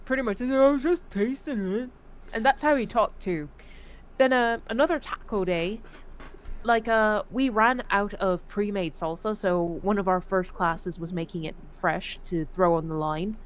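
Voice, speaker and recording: A woman who served in the Navy, telling profane, animated stories in a casual voice chat. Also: mid-range voice, moderate pace, clean tone. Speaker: Navy veteran storyteller.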